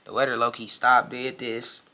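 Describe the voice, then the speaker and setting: Bright, animated man telling a story. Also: normal speed. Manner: animated, profane, keeps addressing the audience as y'all; gets louder and higher when irritated. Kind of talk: casual storytime monologue.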